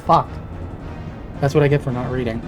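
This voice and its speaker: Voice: medium pitch, steady tone, fairly quick, music in the background. A player chatting casually over a game, swearing often and mocking themselves. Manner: swearing, laughing, self-mocking. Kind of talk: casual gaming chat.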